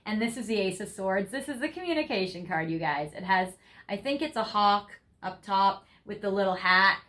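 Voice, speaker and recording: A woman's voice: mid-range voice, expressive, normal speed, fairly bright tone. A young woman giving a tarot reading to viewers, gushing and effusive, laughing often as she talks through the cards. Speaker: tarot reader.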